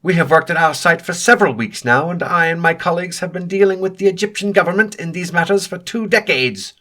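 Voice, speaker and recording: A man voicing an indignant older male professor who snaps and protests loudly. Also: high-pitched, fairly quick, pitched above the performer's own voice. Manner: loud, indignant, snappish.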